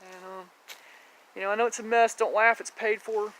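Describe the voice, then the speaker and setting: A woman's voice: medium pitch, fairly even intonation, moderate pace, a bit bright. A woman giving a casual walking tour of her home garden, chatty and rambling, blunt, with mild swearing and frequent laughter.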